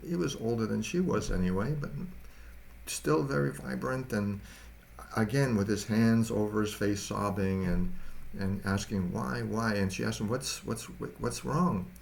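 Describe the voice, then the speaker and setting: A man, a pastor, giving a storytelling sermon in a halting, conversational way, often repeating words. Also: fairly low pitch, creaky, a little mellow, slight background noise.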